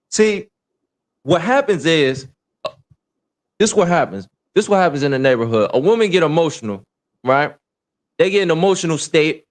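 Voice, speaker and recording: A young man, lecturing forcefully with heavy profanity in a casual livestream discussion. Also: sits high. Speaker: livestream co-host.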